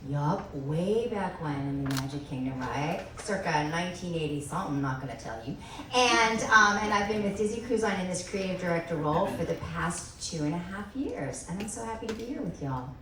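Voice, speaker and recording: A woman's voice: fairly low pitch, animated, a little fast. A woman from New Jersey speaking on a live panel as an entertainment director, bubbly and chatty with exclamatory bursts. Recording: echoey hall from far off, ambient noise.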